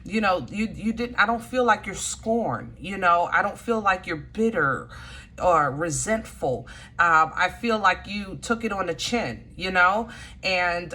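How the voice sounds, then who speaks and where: A woman's voice: on the low side, pushed and bright. A woman giving a casual, chatty tarot reading and speaking straight to her viewers, with plenty of colloquial asides. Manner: chatty, colloquial, addresses viewers directly with frequent "you know". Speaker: tarot reader.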